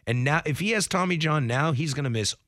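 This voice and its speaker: A man's voice: a little high, lively intonation, fairly quick, fairly bright tone, dry recording, studio quality. A man co-hosting a sports radio show in casual chat. He rambles with many fillers and acts out the people he quotes. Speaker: radio co-host.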